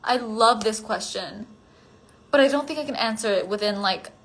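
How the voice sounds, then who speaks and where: A woman's voice: fairly high pitch, moderate pace, creaky. A tired woman chatting casually on a livestream, answering fan comments and rambling with lots of filler words. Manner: rambling, many "like" fillers, drifting thoughts; drops to a soft near-whisper at times. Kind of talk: casual chat on a solo phone livestream.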